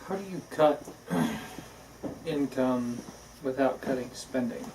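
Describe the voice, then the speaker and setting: A second co-host in a casual political chat. The part is mostly brief back-channel replies and short, pointed questions. The delivery is relaxed and conversational. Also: medium pitch, slow, far from the mic, background noise. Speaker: podcast co-host.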